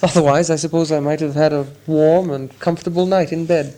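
A man's voice: a little high, steady tone, brisk, warm tone, close to an everyday voice. A man reading an audiobook, voicing a small, anxious male hobbit with a shaky, hesitant manner. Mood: weary. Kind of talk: audiobook character voice.

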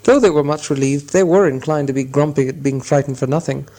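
Male narrator, storybook reading, fairly high voice, measured, expressive. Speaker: audiobook narrator.

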